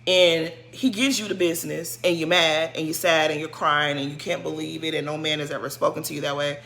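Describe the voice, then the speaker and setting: A woman giving a casual, sassy recap of a reality show, scolding a cast member in animated slang. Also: low voice, a little fast, creaky. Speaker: show commentator.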